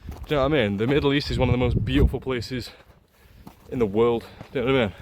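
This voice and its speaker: A fast-talking man from Leeds with a mid-range voice and a Yorkshire English accent gushes into a handheld camera for a casual travel vlog, with background noise behind him. He tends to repeat his phrases.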